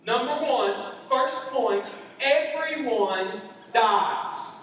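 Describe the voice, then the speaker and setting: A man's voice: very high-pitched, unhurried, fairly bright tone, slight background noise. A man preaching a sermon as a pastor, talking conversationally and repeating his points for emphasis, in a large church auditorium. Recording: echoey hall, heard from far off.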